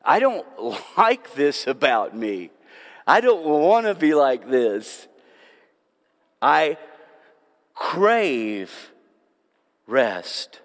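A pastor delivering a sermon, a man with a somewhat high voice. He tells self-mocking stories at an unhurried pace, then drops to hushed, drawn-out words. The church sanctuary carries a long, echoing reverb. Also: big pitch swings.

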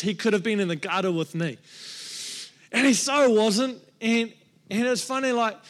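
A man's voice: high-pitched, fairly bright tone. A middle-aged male pastor giving a sermon, telling a candid, self-deprecating personal story with acted-out quotes.

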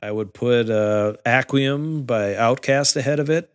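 A man's voice: medium pitch, clear, resonant tone. Hesitant man in a reverberant room. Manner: measured, hesitant, explaining. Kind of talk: casual podcast chat.

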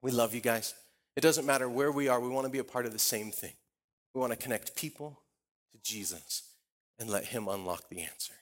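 A man's voice: medium pitch, brisk. A missionary man telling a story from a church stage, acting out the other people's lines as he goes. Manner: animated storyteller acting out dialogue. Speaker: visiting missionary speaker. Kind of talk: sermon storytelling.

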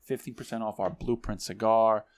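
A man co-hosting a casual podcast, chatting in an animated way and imitating other people as he tells stories. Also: lowish voice, normal speed. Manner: animated, mimics voices in stories. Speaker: podcast co-host. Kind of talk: casual chat.

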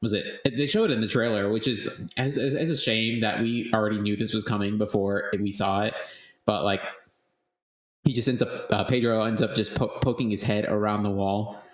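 Casual male co-host, low-pitched, rambling delivery with cursing, roomy sound. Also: fairly even intonation, normal speed. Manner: rambling, profane, laughs often. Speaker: podcast co-host. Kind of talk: casual chat.

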